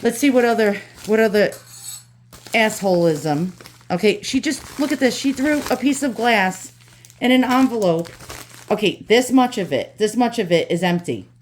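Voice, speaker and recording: A woman's voice: a little high, moderate pace, slight background noise. A woman with a New York accent talks casually while she unboxes antiques at home. She rants and curses, then turns cheerful and chatty in seconds. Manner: ranting, swings from angry cursing to cheerful. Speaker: antique channel host. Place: home with dogs.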